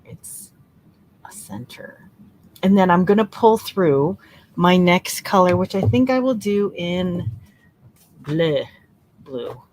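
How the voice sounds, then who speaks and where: A woman leading a relaxed crochet-along tutorial, chatting and laughing, counting stitches aloud softly. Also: fairly low pitch, a little slow, a little hiss or hum. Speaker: crochet teacher. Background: soft relaxing music.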